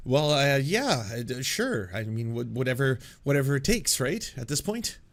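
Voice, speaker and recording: A man's voice: mid-range voice, sing-song, moderate pace, hardly any pauses. A man hosting political commentary, reacting to played clips with sarcasm, laughter and profane asides.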